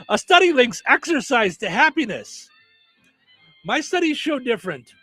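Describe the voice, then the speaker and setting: A man's voice: very high voice, big pitch swings, takes it slowly, sharp tone, slightly rough, faint music behind. A man hosting a radio show, reading news headlines and tagging each with a wisecracking joke. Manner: wisecracking, jokey punchlines after headlines. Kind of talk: comedic news-headline banter.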